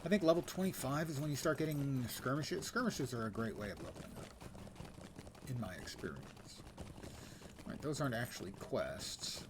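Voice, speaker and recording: A man's voice: medium pitch, animated, moderate pace, background noise. An older man streaming a game, giving casual, wry, self-mocking commentary and reading quest text aloud.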